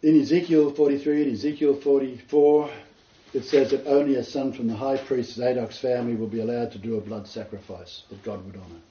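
Male Bible teacher, earnest and explanatory, mellow tone, roomy distant lo-fi recording. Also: medium pitch, fairly even intonation, fairly quick. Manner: earnest, explanatory, quotes scripture and commentators. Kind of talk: informal Bible study teaching. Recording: roomy, distant, dull lo-fi sound.

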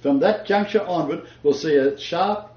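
An older man speaks in a warm, mellow voice with emphatic, preacherly delivery and a habit of chuckling between points. He sounds slightly raised in pitch for a man. The recording is roomy and dull, as if captured in a reverberant room with lo-fi gear. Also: moderate pace. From Australia. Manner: emphatic, chuckling, quotes scripture. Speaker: Christian teacher. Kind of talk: conversational sermon-style talk.

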